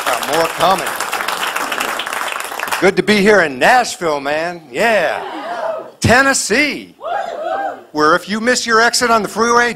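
A man performing a stand-up comedy set to a live audience, punchy and loud, acting out little bits of dialogue. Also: on the high side. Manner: loud, punchy delivery with voiced bits and asides. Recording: live show with crowd noise. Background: audience laughter.

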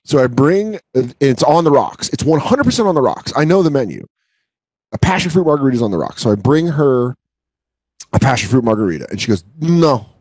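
A man in his thirties telling a profane, animated story in casual chat. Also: medium pitch, fairly quick, no echo, low-quality recording. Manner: profane, animated, acts out customers' voices. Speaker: guest storyteller.

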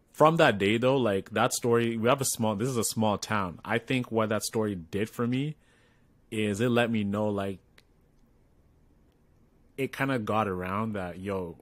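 A man's voice: fairly low pitch, no room sound. A man co-hosting a podcast, telling a story in casual chat and acting out the voices of the people in it. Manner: animated storyteller, acts out quoted voices. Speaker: podcast co-host.

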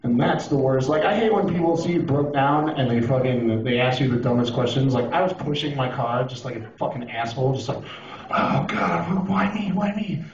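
A man doing a profane, animated stand-up routine on a club stage, now and then breaking into shouted impressions. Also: mid-range voice, fairly quick, hardly any pauses. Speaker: stand-up comedian. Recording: roomy, distant, dull lo-fi club recording. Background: audience laughing.

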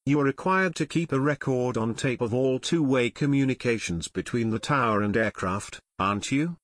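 A man's voice: medium pitch, normal speed, no room sound, lightly acted. A man reading the part of an eager young male amateur detective who asks earnest questions, in an audiobook.

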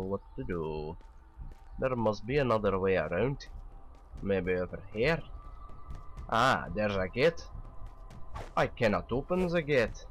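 A man commentates his game in a slow, unhurried way. His pitch swings about a lot as he jokes and talks back to the characters on screen. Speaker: gamer commentating his playthrough. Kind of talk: casual let's play commentary.

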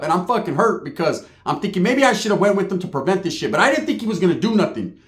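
A streetwise middle-aged man rambling through a story, salty and loose, dropping Spanish slang as he goes. His voice sits a touch high, and the room around him echoes. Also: sing-song, quick pace. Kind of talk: casual storytelling monologue.

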